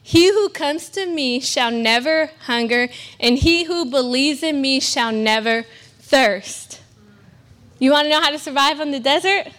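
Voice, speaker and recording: Young california woman preaching at church, high bright voice, earnest, jokes at herself. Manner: earnest, slow and emphatic, with self-deprecating asides. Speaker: guest preacher. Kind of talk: sermon. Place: church service.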